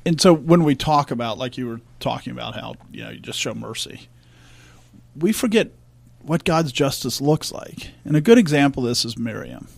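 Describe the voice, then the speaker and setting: A man's voice: medium pitch, expressive, moderate pace, gravelly. A man co-hosting a church discussion podcast, speaking earnestly and emphatically. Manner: earnest, emphatic, reads scripture aloud. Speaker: podcast co-host.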